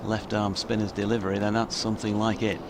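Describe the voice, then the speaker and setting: A man's voice: fairly low pitch, level tone, fast, noisy background. A man with a Yorkshire accent co-commentating on a live cricket match, describing the technique of each ball. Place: commentary position at an outdoor cricket ground.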